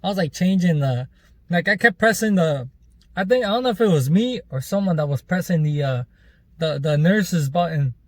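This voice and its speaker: A man's voice: on the high side, lively intonation, moderate pace, no room sound. A man vlogger telling a rambling, loose story in casual chat, with plenty of fillers and some swearing.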